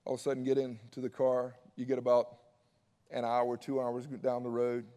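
A man preaching a conversational, energetic sermon with folksy asides. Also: mid-range voice, moderate pace, big-room sound. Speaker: pastor.

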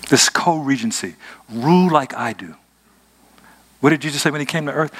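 A man's voice: medium pitch, moderate pace. A man preaching a sermon as pastor, emphatic and conversational, asking his congregation rhetorical questions.

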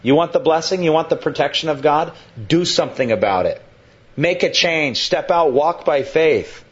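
A man's voice: moderate pace, highs cut off. Conversational male pastor preaching. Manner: conversational, dramatizes quotes with sudden pitch jumps. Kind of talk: expository sermon.

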